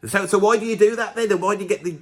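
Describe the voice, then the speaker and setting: A man's voice: high voice, racing, voice pushed up. A man voicing his own skeptical inner conscience, questioning him. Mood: quizzical. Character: nagging inner conscience, male, quizzical.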